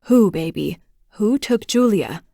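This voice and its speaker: A woman voicing a frantic billionaire father who pleads gently and urgently with his missing daughter, in an audiobook. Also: mid-range voice, lively intonation, a little slow, gravelly, no echo, studio quality. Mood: anxious, pleading. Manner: urgent, pleading, soft-spoken to a child. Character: frantic billionaire father, male, middle-aged. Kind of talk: audiobook dialogue.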